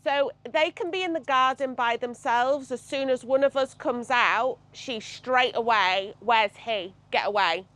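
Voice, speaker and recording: A woman's voice: high-pitched, measured pace, few pauses, a bit bright. A woman who owns dogs, talking casually about them, quoting herself and swearing now and then. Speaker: dog owner. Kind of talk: casual consultation.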